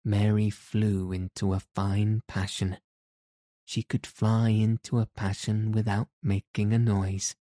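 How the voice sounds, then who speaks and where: A man reading a story aloud in measured, even scripted narration. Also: on the low side, no echo, clean studio sound. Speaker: audiobook narrator.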